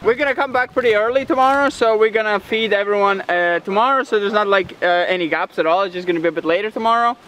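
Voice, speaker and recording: A high-voiced man in his twenties chats casually outdoors on a farm. He explains plans in an easygoing way, padding his talk with fillers. Faint wind noise sits under his voice. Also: fast talker, hardly any pauses, pushed and bright, poor audio. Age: 20s. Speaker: vlogger.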